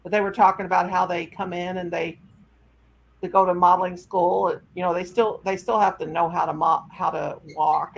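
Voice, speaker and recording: A woman's voice: fairly low pitch, vocal fry, rough recording. A woman hosting a casual livestream chat from home, talking in a rambling, folksy way. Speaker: host.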